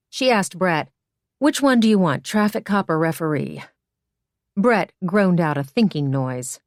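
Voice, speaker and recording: A woman narrates a story in a lower-than-usual voice. She reads plainly and gives the characters light voices of their own. The sound is close and dry, with no room in it. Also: no room sound. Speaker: audiobook narrator. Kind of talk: scripted narration.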